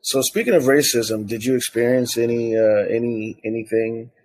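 A man's voice: mid-range voice, fairly even intonation, moderate pace, darkish tone, a little hiss or hum, poor audio. A man hosting an interview, asking questions and reacting with laughs. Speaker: podcast host.

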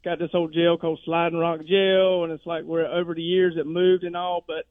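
A man's voice: on the high side, level tone, fairly quick, dry recording. Rambling male caller on a tinny phone line. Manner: rambling storyteller who acts out quotes. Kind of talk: phone-in chat.

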